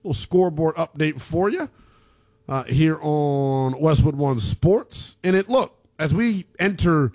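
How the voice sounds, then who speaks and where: A man's voice: expressive, measured pace. Hyped-up sports radio host, a man. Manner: hyped, swings between loud calls and low muttered asides. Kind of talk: late-night college football talk radio.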